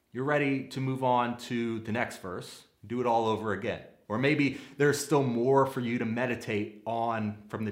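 A man's voice: lowish voice, echoey room. A man giving earnest, practical sermon-style teaching, using everyday analogies.

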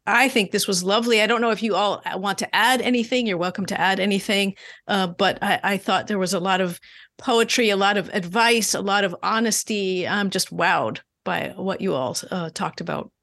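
A woman's voice: medium pitch, moderate pace, a bit bright. A woman hosting a panel discussion, appreciative as she sums up. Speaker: host. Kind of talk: panel moderation.

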